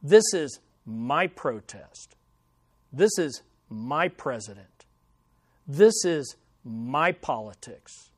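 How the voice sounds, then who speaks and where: A man's voice: sing-song, extremely slow, husky, no echo, full character voice. A man putting on a snarling mafia boss with a mock Italian accent. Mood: possessive. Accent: put-on Italian. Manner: low, snarling, possessive. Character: snarling mafia boss claiming his turf.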